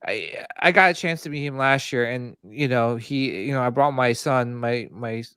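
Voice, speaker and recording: A man hosting a podcast in casual chat, animated and laughing as he tells stories. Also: medium pitch, moderate pace, smooth, dry recording, clean studio sound. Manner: animated, laughs and puts on voices while telling stories. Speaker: podcast host.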